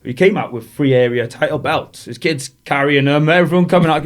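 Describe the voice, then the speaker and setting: Pitched on the high side, this man talks briskly with few pauses. A former boxer from Wales, he guests on a podcast, laughing through rambling stories in casual interview storytelling.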